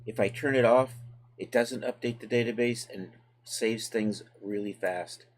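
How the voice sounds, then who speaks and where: A man's voice: medium pitch, a little slow. A man hosting a live tutorial stream, talking casually to his chat as he works through steps and thinks aloud. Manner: relaxed, chatty, talks to chat while working. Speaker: livestream host and 3D software tutor.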